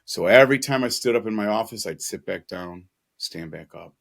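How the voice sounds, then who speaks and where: A man's voice: fairly low pitch, lively intonation, moderate pace, creaky. A man telling an earnest, emotional personal story as a podcast guest, with casual asides.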